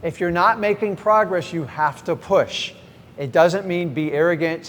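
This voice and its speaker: A middle-aged man teaching a live seminar. He is energetic and direct, often questions the audience and then answers himself. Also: on the high side, moderate pace. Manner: energetic, direct, acts out sample conversations. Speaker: real estate investing trainer. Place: large event hall with a live audience. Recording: echoey hall, faint background noise.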